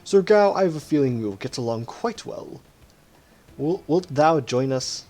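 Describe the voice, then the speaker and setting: A man's voice: fairly high pitch, animated, normal speed, a little mellow, close to an everyday voice. A man doing a stiff, courtly old-fashioned knight. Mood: gracious. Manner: archaic, stiffly formal. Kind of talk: video game dialogue read aloud with voices.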